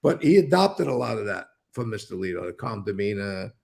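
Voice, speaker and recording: An older man with a gravelly edge to his voice. He tells stories in a loose, rambling way, blunt and unfiltered, with swearing sprinkled through. It sounds like a casual sit-down interview. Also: fairly low pitch, sing-song, brisk, darkish tone. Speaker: interview guest.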